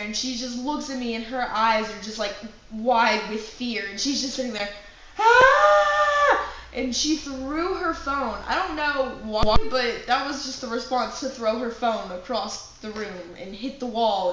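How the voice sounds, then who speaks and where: A young woman telling a personal prank story to her acting class, with lively asides and a chatty delivery. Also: on the high side. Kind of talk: personal anecdote told to a class. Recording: very echoey room with faint background noise.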